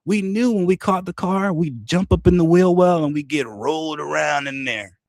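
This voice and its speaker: A man's voice: fairly high pitch, normal speed, vocal fry, darkish tone, no echo, studio quality, pitched above the performer's own voice. A man putting on a raised, sarcastic voice to mock a grown man who is indignant and smug. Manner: sarcastic, exaggerated whine.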